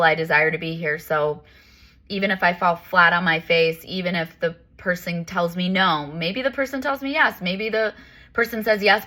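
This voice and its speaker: A woman life coach and yoga teacher chatting casually. Her voice sits a little low but sounds bright and forceful. She rambles candidly, stacking up fillers as she goes. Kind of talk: casual spiritual talk.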